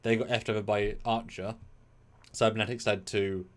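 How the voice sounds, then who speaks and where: Excitable, rambling male stream co-host. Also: normal speed. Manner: excitable, rambling, jumps into high-pitched bursts. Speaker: co-host of a live discussion show. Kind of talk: casual live-stream chat.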